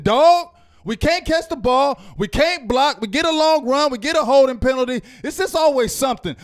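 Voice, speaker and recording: Fired-up high-voiced man ranting. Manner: loud, fired-up ranting with repeated "you feel me?". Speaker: fan show co-host. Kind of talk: heated postgame rant.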